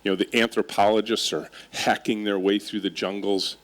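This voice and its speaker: Speaking at normal speed in a lowish voice, a middle-aged man delivers a funny keynote to a live audience from the stage. As a company leader, he mixes animated, self-deprecating stories with questions that pull listeners in.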